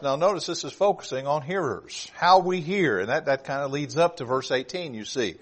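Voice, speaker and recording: A middle-aged man preaching a sermon in a fairly high voice. He starts calm and then rises to loud, emphatic points, often repeating a word as he restarts. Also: fairly quick, few pauses. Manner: repeats words when restarting.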